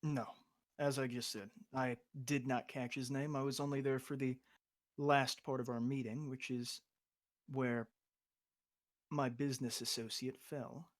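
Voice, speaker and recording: A man playing in a tabletop game, answering in character in a deadpan way. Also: mid-range voice, measured pace. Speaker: player. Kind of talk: in-character tabletop role-play.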